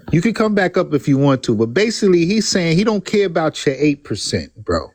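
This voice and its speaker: A man hosting a heated live-stream debate. He is insistent and laughs easily, and he keeps pressing the others to calm down so he can make his point. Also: mid-range voice, no echo.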